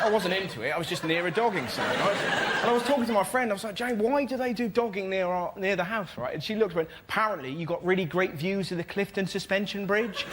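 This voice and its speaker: High-voiced man doing stand-up. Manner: animated, shouting into silly put-on voices. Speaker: stand-up comedian on a panel show. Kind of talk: stand-up comedy routine. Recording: loud audience laughter and noise.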